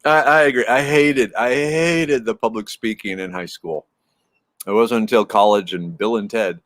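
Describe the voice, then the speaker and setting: A man's voice: lowish voice, normal speed, fairly bright tone, dry recording. A man in his fifties hosting a casual live stream, rambling and answering viewers' messages as they come in. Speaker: livestream host chatting with viewers.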